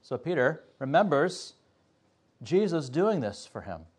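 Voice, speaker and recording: A man teaching a Sunday school Bible class, explaining step by step in an earnest way with frequent pauses. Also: on the high side, very animated, breathy edge.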